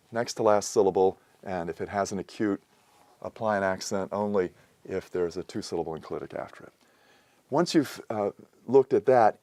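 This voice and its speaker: Male teacher, lower register, patient and methodical lecture delivery, dry studio-close sound. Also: darkish tone, no room sound. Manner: methodical, patient, with occasional fillers. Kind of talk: explanatory lecture.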